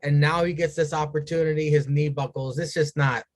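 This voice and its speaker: A man with a slightly higher voice hosts a loose wrestling podcast. He talks through the matches with crude jokes and throws questions to his co-hosts. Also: fairly even intonation, brisk. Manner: crude, joking, leads the rundown. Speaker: podcast host. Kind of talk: casual wrestling talk.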